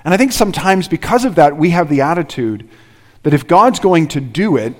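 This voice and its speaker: A man's voice: on the high side, animated, a little fast. A man preaching a sermon as pastor, earnest and driving his points home with repeated rhetorical questions. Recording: reverberant hall.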